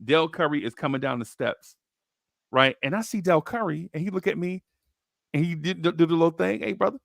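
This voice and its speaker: Slangy excitable man with a gravelly voice. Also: fairly quick, no room sound, clean studio sound. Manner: slangy, excitable, acts out quotes in high voices. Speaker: podcast host. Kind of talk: animated storytelling chat.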